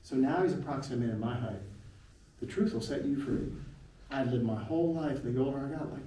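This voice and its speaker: A man around sixty tells a personal story to an audience, earnest and emotional, with dramatic pauses. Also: on the high side, animated, dark tone, a little hiss or hum. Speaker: keynote speaker. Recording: roomy echo from a distance.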